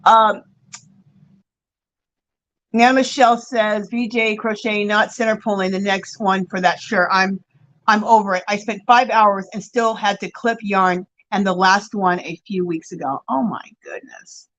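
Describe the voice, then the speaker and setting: A chatty woman hosts a casual livestream and keeps greeting her viewers by name. She reads their comments aloud and answers with gushing exclamations while she crochets. Her voice sits at an ordinary middle pitch for a woman. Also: unhurried, fairly bright tone, poor audio. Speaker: livestream host.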